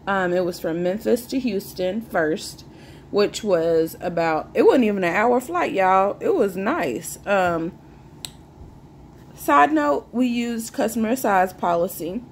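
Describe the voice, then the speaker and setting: A young woman talks straight to her viewers in a loose, joking way. Her voice sits at a middle pitch, and a faint hum of room noise runs behind her. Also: lively intonation, slow pace. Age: 20s. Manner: chatty, joking, sips a drink while talking. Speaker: vlogger. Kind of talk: casual chat to camera.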